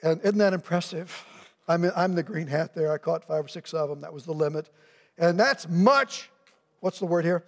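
High-voiced man preaching in a reverberant church. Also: moderate pace. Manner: animated, acts out voices of people in the story. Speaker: pastor. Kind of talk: sermon. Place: church sanctuary. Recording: long reverb of a church hall.

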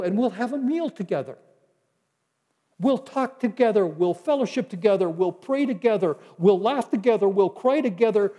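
A man preaching a teaching sermon, quoting scripture in a slower, softer voice. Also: high-pitched, in a large hall. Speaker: pastor.

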